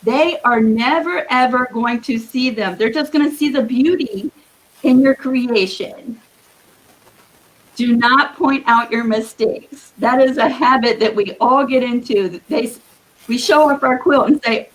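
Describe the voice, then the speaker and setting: A woman's voice: a little high, unhurried, poor audio. Earnest, encouraging woman quilting guest. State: morning voice. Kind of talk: live-streamed advice talk. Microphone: video call.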